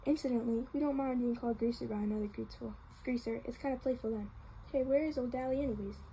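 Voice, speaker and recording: A woman's voice: on the high side, fairly even intonation, quick pace, mellow, a little hiss or hum, lightly acted, rough recording. A woman voicing a cocky, wisecracking teenage boy from a street gang, in a joking, cheerful manner while reading a novel aloud.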